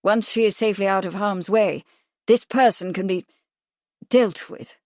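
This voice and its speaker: A woman voicing an agitated, pompous young gentleman who talks in an insistent, commanding way. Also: medium pitch, a little slow, dry recording, clean studio sound, lightly acted.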